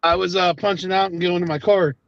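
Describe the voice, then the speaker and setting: A man's voice: high voice, steady tone, brisk, creaky, very noisy. Joking man on a muffled call. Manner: joking, playful banter. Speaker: caller buying a snake.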